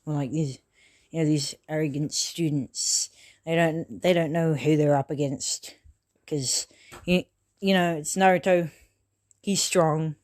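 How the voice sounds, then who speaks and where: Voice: medium pitch, fairly even intonation, measured pace, darkish tone. A person improvising a fan-fiction story, talking loosely and correcting themselves often, with casual swearing along the way. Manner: rambling, loose and unscripted, full of self-corrections.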